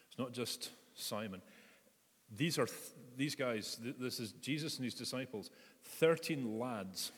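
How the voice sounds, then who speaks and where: A man preaching a reflective sermon, retelling a story and inviting his listeners to picture it. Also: mid-range voice. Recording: echoey hall reverb.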